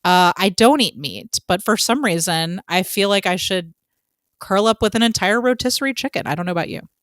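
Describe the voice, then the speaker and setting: A bubbly woman co-hosting a movie podcast, chatting casually at a mid-range pitch. She gets excitable and swears freely. The sound is dry and close, with no room echo. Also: a little fast. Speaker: podcast co-host. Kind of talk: casual chat.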